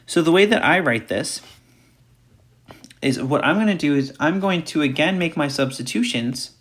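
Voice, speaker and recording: A man's voice: a little high, expressive, normal speed, fairly bright tone. A man teaching a recorded math lecture, talking through each step aloud and repeating key points. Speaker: math instructor.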